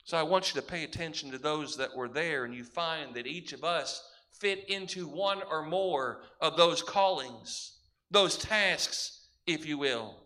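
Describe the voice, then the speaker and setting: A man's voice: fairly high pitch, a little slow, pushed and bright. A man preaching a sermon as pastor, emphatic, building his points through repeated parallel phrases.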